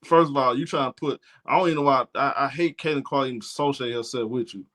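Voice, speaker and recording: A man's voice: mid-range voice, quick pace, a bit bright. A man hosting a sports talk show, giving blunt, indignant commentary and often repeating himself.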